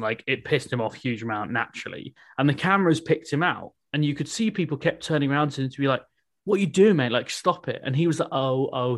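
A man hosting a podcast. He talks in a wry, chatty way and laughs often. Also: a little high. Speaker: podcast host. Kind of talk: casual chat.

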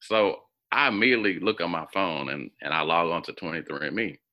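A man telling a personal story as a guest in an interview, acting out the voices of others with sudden jumps in pitch. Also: a little fast, dull audio. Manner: animated, acts out quoted voices with big pitch jumps.

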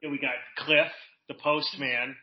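A man's voice: on the high side, flat delivery, unhurried, highs cut off, crowd noise. A man chatting casually as a podcast guest, rambling with many restarts and fillers. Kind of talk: casual chat.

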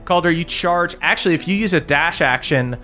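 A man narrating as game master of a tabletop game, playful and quick to laugh. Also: on the high side, pushed and bright.

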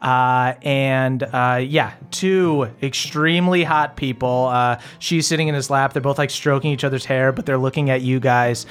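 A man narrating a tabletop game as game master, relaxed and full of fillers. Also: mid-range voice, normal speed, hardly any pauses, clean tone.

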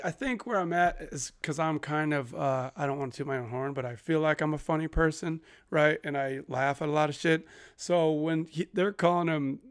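A man's voice: fairly high pitch, clear, resonant tone. A man co-hosting a podcast, chatting casually about old films in a laid-back, rambling way and swearing freely. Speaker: podcast co-host.

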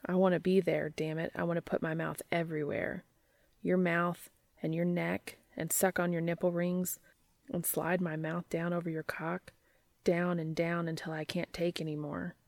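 A woman voicing a brash, eager adult man, speaking in a hushed, urgent way in an amateur audiobook reading. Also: on the low side, little pitch movement, moderate pace, vocal fry, dry recording.

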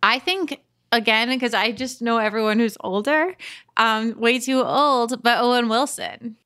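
A woman's voice: fairly high pitch, a little slow, sharp tone. A woman co-hosting a casual book podcast, rambling loosely with lots of fillers. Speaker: podcast co-host.

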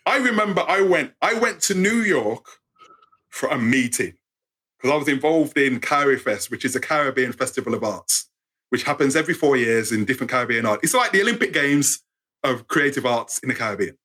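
A man in his fifties with an English accent, a guest telling animated stories in a casual interview. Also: medium pitch, fairly quick, husky. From England. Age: 50s. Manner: animated, acts out voices in anecdotes. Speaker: guest storyteller.

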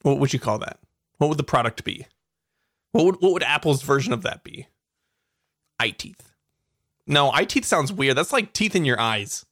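A woman co-hosts a playful podcast chat, laughing easily and swinging her voice up into squeals. Her pitch roams widely as she goes. The recording is close and dry. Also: moderate pace, long pauses, no echo. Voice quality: giggly, animated, jumps into high squeals. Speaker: podcast co-host. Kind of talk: casual comedic chat.

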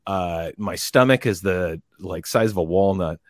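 A man telling a long story in casual chat, rambling and animated, and bursting into loud quoted lines. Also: low-pitched, a little slow, no room sound, studio quality. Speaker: podcast guest telling a story.

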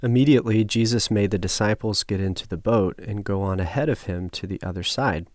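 Low-voiced man explaining scripture thoughtfully. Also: brisk, no room sound, studio quality. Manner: explanatory, reflective. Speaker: Bible study participant. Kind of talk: Bible study discussion.

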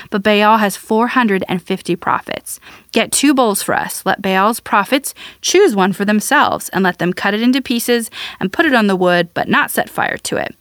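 A woman reading scripture aloud at a measured, even pace, as the regular reader of the show. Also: medium pitch, no echo, clean studio sound. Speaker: Bible reader.

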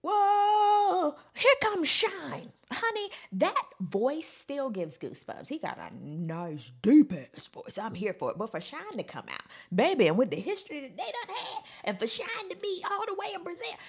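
A woman talks in a casual, sassy commentary voice. Her voice sits fairly high and swoops wildly, jumping into squealing high quotes. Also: wildly swooping pitch, moderate pace, hardly any pauses.

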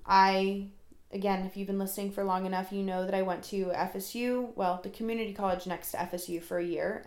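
A woman's voice: mid-range voice, darkish tone, roomy sound. A 22-year-old woman hosting her own podcast, talking alone in a rambling, chatty, self-deprecating way. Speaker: podcast host. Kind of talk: casual solo podcast monologue.

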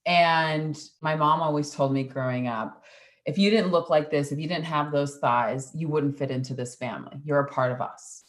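A woman in her thirties with a notably low, deep voice talks in a casual interview. She is chatty and playful and tells her stories with animation. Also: moderate pace. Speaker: podcast host and interview guest.

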